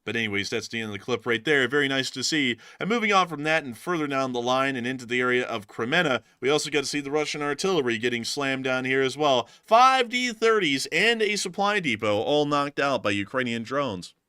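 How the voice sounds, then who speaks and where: A man's voice: mid-range voice, fairly quick, few pauses, clean tone, no room sound, studio quality. A man hosting a war news show, giving casual, joking commentary over battle footage. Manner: joking, animated, self-mocking.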